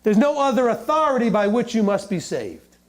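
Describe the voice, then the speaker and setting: A man giving a sermon, reading scripture slowly and breaking into jokes and mock voices. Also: extremely high pitch. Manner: animated, joking, reads scripture aloud slowly. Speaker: teacher.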